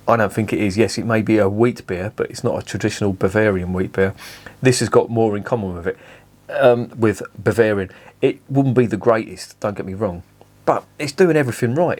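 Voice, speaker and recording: A man with a somewhat low voice delivers a casual beer review. He rants bluntly and swears freely, with animated energy.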